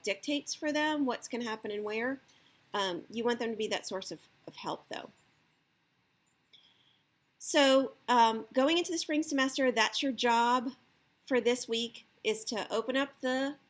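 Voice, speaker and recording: A woman giving casual parenting advice, checking in with her listeners with frequent "okay?" and "right?". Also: a little high. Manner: acts out the parent's lines in a lifted voice. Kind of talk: casual advice talk to camera.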